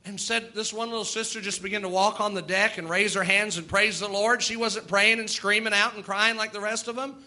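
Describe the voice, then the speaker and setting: A man's voice: high-pitched, steady tone, a little fast, few pauses, bright, forceful tone. A middle-aged man, preaching a sermon in an emphatic, rising and falling cadence.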